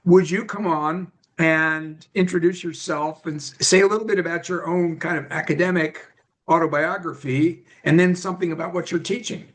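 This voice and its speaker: A man's voice: on the high side, steady tone, moderate pace. A man hosting a webinar on a video call, praising and drawing guests into the conversation. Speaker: webinar host.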